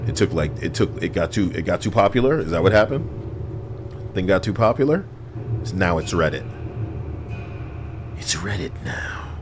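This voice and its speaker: A man's voice: deep voice, expressive, brisk, background noise. A man streaming, chatting casually in a joking, rambling, sarcastic way.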